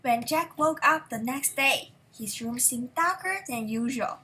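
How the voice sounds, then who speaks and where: A woman reading a children's story aloud in a clear, expressive way. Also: sits high, measured pace, rough recording. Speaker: reader.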